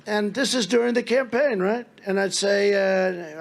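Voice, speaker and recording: A man's voice: high voice, measured pace, vocal fry, few pauses, some chatter behind. A man giving a rally speech as a political speaker, telling rambling, mocking stories and acting out the dialogue.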